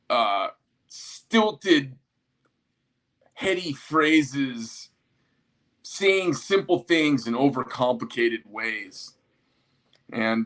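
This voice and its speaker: A man's voice: mid-range voice, fairly bright tone. A man who owns a small knife company, ranting casually with lots of profanity and rambling asides. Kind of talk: casual rant to camera.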